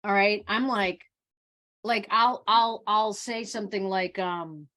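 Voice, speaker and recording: A woman's voice: medium pitch, steady tone, takes it slowly, fairly bright tone. A woman doctor of Oriental medicine hosting a live Q&A over a video call, talking casually and animatedly, often restarting and repeating words.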